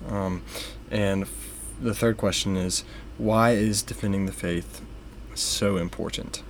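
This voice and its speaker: Low-voiced young man talking through ideas. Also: steady tone, slight background noise. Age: young adult. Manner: measured, with many fillers. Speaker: podcast co-host. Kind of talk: casual faith discussion.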